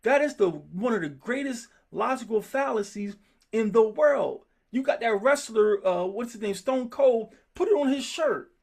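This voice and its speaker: Animated, high-pitched man teaching scripture. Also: a little slow. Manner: animated, emphatic, gets worked up. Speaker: Bible study teacher. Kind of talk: group scripture study.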